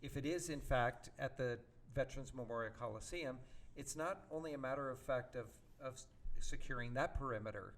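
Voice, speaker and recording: A man's voice: mid-range voice, brisk, a little hiss or hum. A man hosting a talk radio show who asks his guest direct, probing questions. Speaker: host.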